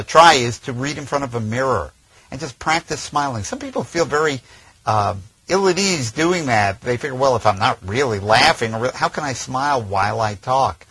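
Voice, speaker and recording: Brief: male voiceover coach, husky tone, dry close recording, measured teaching. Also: medium pitch, fairly bright tone, no echo, low-quality recording. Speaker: voiceover trainer. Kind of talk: instructional talk.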